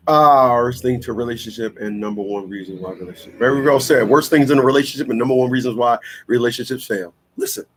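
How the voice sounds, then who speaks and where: Blunt husky-voiced New man. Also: medium pitch, a little fast. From Newark, New Jersey. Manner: blunt, preachy, rambling, slangy. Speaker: radio show host. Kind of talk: animated radio talk monologue.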